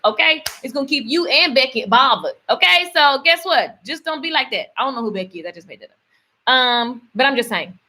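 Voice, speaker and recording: A young woman talks straight to her livestream audience, coaching and preaching in an easy, chatty way. Her voice is husky and sits a little high. She hammers points home by saying the same words again and again. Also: pushed and bright. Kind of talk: casual motivational livestream.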